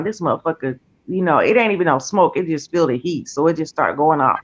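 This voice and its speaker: A woman's voice: low voice, a little fast, breathy edge. A woman tells a long story in loose, casual talk, swearing freely and acting out what people said. Her voice comes through dull and lo-fi. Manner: profane, animated retelling with quoted voices.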